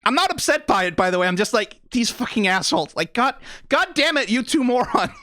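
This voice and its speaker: A channel host giving excitable, profane, rambling reaction commentary on an animated episode. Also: medium pitch, normal speed. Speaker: video reactor.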